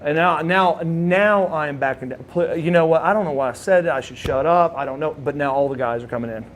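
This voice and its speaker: A man from Oklahoma telling a casual anecdote as a guest, his voice sitting a little high for a man. He tells it in an animated way and acts out the other people's lines as he goes. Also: a little fast, a little hiss or hum. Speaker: guest telling a wrestling story.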